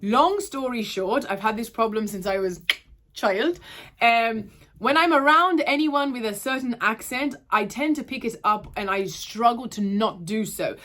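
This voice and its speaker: A woman's voice: fairly high pitch, lively intonation, measured pace, a bit bright. A young woman with an Australian accent that drifts towards Irish, chatting casually and rambling in a home vlog to camera. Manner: chatty, rambling, loses her train of thought. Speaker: vlogger. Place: at home, indoors.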